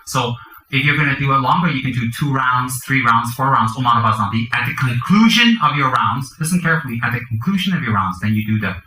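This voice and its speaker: A man's voice: medium pitch, lively intonation, fast talker, pushed and bright, roomy sound, poor audio. A man, a Buddhist teacher, giving a dharma teaching to a group, chanting mantras and explaining the practice with joking asides.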